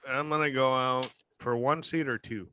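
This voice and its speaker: Bright-voiced man teasing in banter. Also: medium pitch, steady tone, normal speed, slight background noise. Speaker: podcast host. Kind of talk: casual chat.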